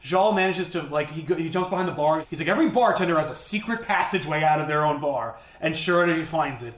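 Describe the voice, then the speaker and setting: A man's voice: on the high side, quick pace, a bit bright, reverberant. A man casually retelling a comic book story on a podcast, acting out the characters' lines.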